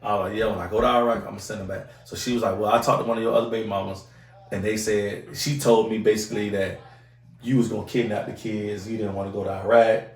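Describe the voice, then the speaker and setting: Profane animated man, roomy distant sound. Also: lowish voice, fast. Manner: animated storyteller acting out other people's voices, heavy profanity. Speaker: podcast host. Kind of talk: casual storytelling chat.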